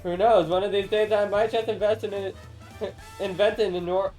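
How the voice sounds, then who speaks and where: A woman's voice: mid-range voice, fairly even intonation, moderate pace, warm tone, faint music behind, lightly acted. Brief: woman reading as a friendly taco-stand cook for a game stream, chatty and upbeat. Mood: cheerful. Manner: chatty, friendly, laughs at her own slips.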